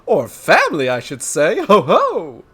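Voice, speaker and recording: A man's voice: extremely high pitch, wildly swooping pitch, unhurried, fairly bright tone, slightly rough, voice pushed up, exaggerated voice. A man voicing a blustering, pompous wealthy older father. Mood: jovial.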